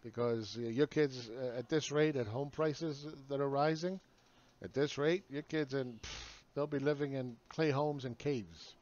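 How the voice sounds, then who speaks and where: A man's voice: medium pitch, fairly even intonation, measured pace, darkish tone, muffled recording. A man ranting sarcastically in a solo video monologue, mocking the people he argues against. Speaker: market commentator.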